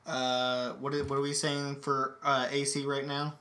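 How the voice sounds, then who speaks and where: A man's voice: mid-range voice, monotone, a little slow, pushed and bright. A man playing a tabletop role-playing game, hesitant and asking about the rules. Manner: hesitant, asks rule questions. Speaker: player. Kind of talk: casual tabletop play.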